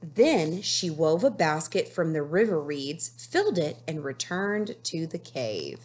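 A woman teacher reading a picture book aloud to children, slow and expressive, stopping to ask the class questions. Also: low-pitched, a little hiss or hum. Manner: slow, expressive storytelling with asides to pupils.

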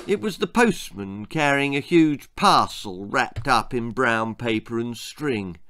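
A man, the author, reading his own children's story aloud with an expressive, theatrical delivery. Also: medium pitch, slight background noise.

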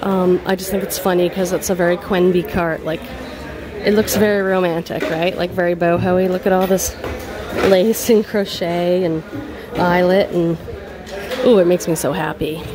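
In a casual haul video shot in a thrift store and her car, indoors and out, a thirty-something reseller vlogger talks upbeat about her finds, peppering her speech with "like." She has a lowish voice with little pitch movement and a normal speed, and a crowd can be heard in the background.

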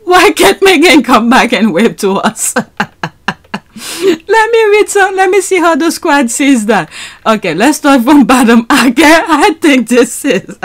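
A woman's voice: high-pitched, sing-song, a little slow. Laughing, incredulous woman host. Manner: laughs a lot, incredulous, reads comments aloud. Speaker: podcast host reacting to clips. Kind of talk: casual reaction commentary.

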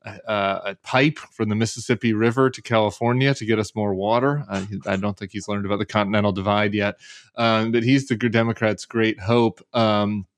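Low-voiced, exasperated man on a podcast. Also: a little fast, no echo, clean studio sound. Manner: animated, exasperated and sardonic, tumbling restarts. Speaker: podcast guest, political commentator. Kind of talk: conversational political podcast.

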